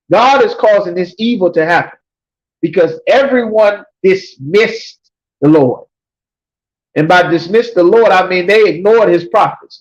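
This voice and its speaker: A man teaching a scripture class, reading verses slowly and then explaining them emphatically, often checking with "you understand?". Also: high voice, breathy edge. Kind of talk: preaching scripture breakdown. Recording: dull lo-fi recording.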